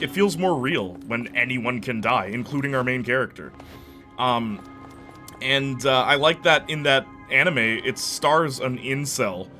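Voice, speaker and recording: A man's voice: medium pitch, sharp tone. A man giving casual let's-play commentary, rambling and enthusiastic with many fillers. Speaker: gameplay commentator.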